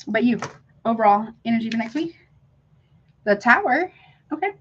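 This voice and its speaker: A woman's voice: on the high side, animated, a little fast, fairly bright tone, muffled recording, a little hiss or hum. A middle-aged woman hosting a casual live-stream tarot reading, effusive and chatty, calling her viewers honey and y'all.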